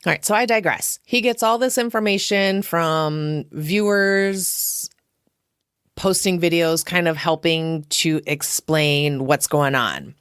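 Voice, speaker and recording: A woman's voice: low voice, fairly bright tone, clear, resonant tone, no echo, clean studio sound. A woman hosting a casual film review podcast, chatty and profane, laughing often as she talks. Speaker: podcast host.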